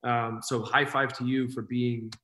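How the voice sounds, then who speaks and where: A man's voice: mid-range voice, little pitch movement, measured pace, noisy background. A man hosting a casual interview podcast, earnest and encouraging as he talks openly about feelings. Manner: warm-hearted, encouraging, earnest. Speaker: podcast host.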